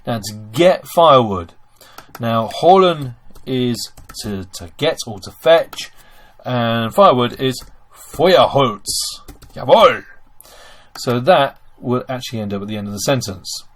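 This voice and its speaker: A man's voice: medium pitch, expressive, unhurried. Man teaching German grammar, typing. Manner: explains step by step, addresses "ladies and gents". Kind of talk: screen-recorded language lesson.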